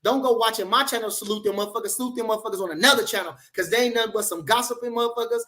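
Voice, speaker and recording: Loud, profane boxing livestream host. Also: male voice, high voice, racing. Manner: profane, boisterous trash talk full of "you know" fillers. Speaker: boxing channel host reading live chat. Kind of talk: livestream rant.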